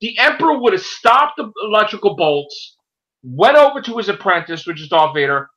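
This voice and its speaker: A man talks in a loose, casual chat and rants with plenty of swearing. His pitch leaps up and down as he gets worked up. His tone is bright and forceful. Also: moderate pace, rough recording. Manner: animated, profane ranting. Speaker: podcast host.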